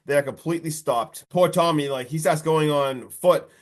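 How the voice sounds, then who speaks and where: A man co-hosting a podcast, recapping a horror movie in casual, excitable chat full of fillers and mild swearing. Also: fairly high pitch, moderate pace. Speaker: podcast co-host.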